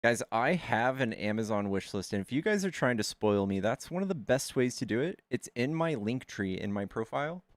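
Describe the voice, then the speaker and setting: A male livestream host chatting casually with his viewers, tossing out quick asides. His voice is animated and swings widely in pitch. The sound is close and dry on a desk mic. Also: dry recording. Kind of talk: casual chat with callers and chat.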